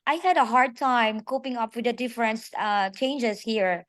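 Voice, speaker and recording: Hesitant teacher, bright and dry. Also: female voice, on the high side, moderate pace, no room sound. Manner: hesitant, many fillers, grateful. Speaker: fifth-grade teacher, meeting participant. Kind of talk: casual chat on a video call. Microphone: video call.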